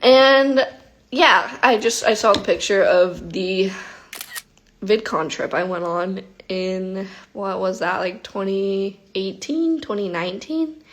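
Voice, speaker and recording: Woman, casual livestream chat, animated storyteller, phone mic, lots of "like". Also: medium pitch, slight background noise. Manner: animated storytelling, heavy use of "like" and "literally". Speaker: vlogger hosting an Instagram live.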